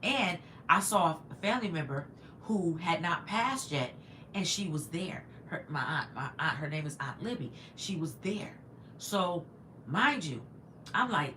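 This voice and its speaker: A woman's voice: lowish voice, expressive, moderate pace, sharp tone, slight background noise. A woman in her fifties telling a long personal story on a livestream, chatty and digressive, stopping to answer viewer comments. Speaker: livestream host.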